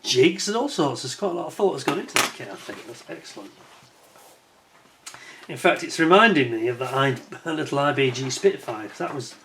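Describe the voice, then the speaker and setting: A man's voice: medium pitch, animated, a little fast, fairly bright tone, slight background noise. A man giving a casual hands-on review of a scale model kit, chatty and admiring, with wry self-mocking asides.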